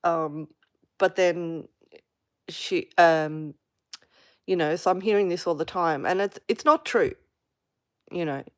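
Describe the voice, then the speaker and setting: A woman speaking frankly in a casual live personal vlog, halting with many fillers and restarts as she vents. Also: fairly low pitch, clean tone, no room sound, clean studio sound. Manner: frank, venting. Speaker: vlogger on a live stream.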